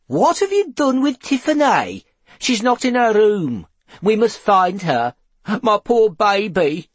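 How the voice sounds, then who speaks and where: A man's voice: very animated, slow, no room sound, full character voice. A man voicing a frantic, fussy mother who wails shrilly over her missing child. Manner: wailing, shrill.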